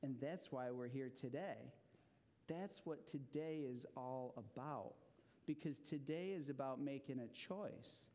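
In a church with long hall reverb, a man of medium pitch speaks a little slowly as he gives an animated children's sermon. He keeps asking his young listeners questions as he goes.

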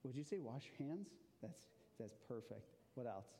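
A man's voice: medium pitch, moderate pace. A man giving an interactive children's sermon in a church, asking the listeners questions as he goes. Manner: animated, asks the audience questions. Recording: long hall reverb.

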